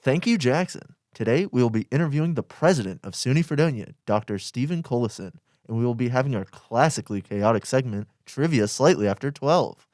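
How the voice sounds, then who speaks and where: A young man co-hosts the show and reads the lineup in a measured tone. His voice is mid-pitched. A dry studio mic picks it up closely. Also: animated, darkish tone, no room sound. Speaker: radio co-host. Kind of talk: scripted college radio hosting.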